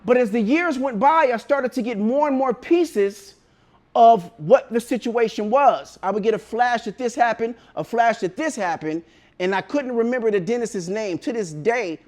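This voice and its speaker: A man with a very high voice tells a personal story casually. He talks in slang, swears freely and jumps into loud shouts when the story peaks. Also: moderate pace. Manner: animated, swearing, bursts into shouts.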